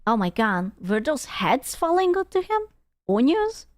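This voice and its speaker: A young woman streaming and reacting to videos in casual chat, blunt and quick to swear. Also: on the high side, sing-song, dry recording, clean studio sound. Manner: blunt, swears freely, laughs often.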